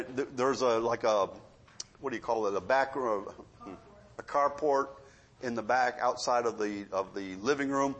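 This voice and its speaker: A middle-aged man preaching a sermon, telling homespun stories and swinging from loud emphasis to quiet asides. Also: medium pitch. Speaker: pastor.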